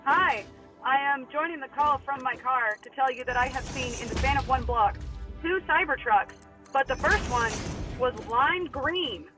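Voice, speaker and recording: A woman's voice: sits high, moderate pace, bright, forceful tone, faint music behind. A woman chatting casually and giggling on a phone call from her car, joining friends' co-op game session. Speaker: co-op game player calling in. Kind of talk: casual chat.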